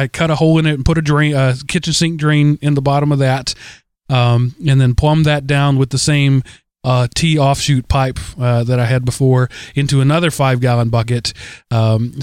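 A man's voice: medium pitch, clear, resonant tone, no echo, studio quality. A man hosting a podcast in a casual, rambling way, with many restarts. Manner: rambling, full of restarts and fillers. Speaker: podcast host.

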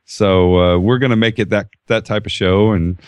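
A man's voice: lowish voice, fairly even intonation, moderate pace, a little mellow, smooth, dry recording. A man co-hosting a podcast who talks in an easygoing, hesitant way with many fillers. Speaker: podcast co-host. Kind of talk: casual chat.

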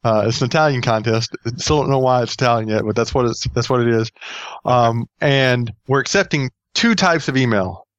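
A man's voice: mid-range voice, a little fast, clean tone, no echo, muffled recording. Chatty male podcast host. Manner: rambling, jokey, many fillers. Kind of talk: casual podcast chat.

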